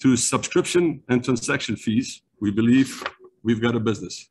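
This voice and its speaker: A man from South Africa with a South African accent, delivering a brisk, rehearsed startup pitch over a video call. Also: a little mellow, a little hiss or hum. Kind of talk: online pitch presentation.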